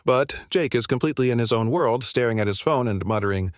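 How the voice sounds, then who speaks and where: A man's voice: medium pitch, fast, no echo, clean studio sound. A man narrating a scripted story recap in a breathless, gossipy style full of slang.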